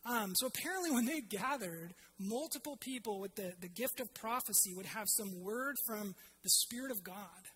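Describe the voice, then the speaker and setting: A woman's voice: mid-range voice, expressive, normal speed, hardly any pauses, fairly bright tone, a little hiss or hum, low-quality recording. A woman preaching a sermon to her congregation in a conversational way, with fillers and restarts.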